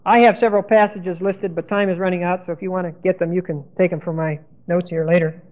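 High-voiced man teaching Scripture, lo-fi. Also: fairly even intonation, fast. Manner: spells out Greek words letter by letter, repeats key terms. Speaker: Bible teacher. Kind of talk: Bible lesson sermon. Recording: tinny phone-like lo-fi recording.

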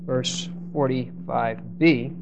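A man teaching a Bible study class, stressing key words by slowing down and often hesitating or restarting phrases. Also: mid-range voice, steady tone, vocal fry, background noise. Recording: dull lo-fi recording.

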